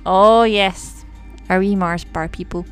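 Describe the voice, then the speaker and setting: A woman's voice: mid-range voice, steady tone, slow, faint music behind. A woman, co-hosting a casual podcast chat about a TV series in a playful, teasing way. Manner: playful, teasing, laughs often. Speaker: podcast co-host.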